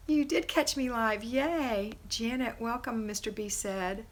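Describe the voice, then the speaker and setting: Woman, live stream host, reading comments, effusive, encouraging, chatty. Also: measured pace. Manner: effusive, encouraging, praises viewers; chatty, with pitch rising high in excitement. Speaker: homemaking livestream host.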